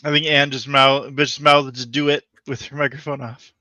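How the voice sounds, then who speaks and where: A man's voice: medium pitch, flat delivery, moderate pace, sharp tone, dry recording. A man player in a streamed tabletop game, eager and chatty. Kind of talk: casual chat.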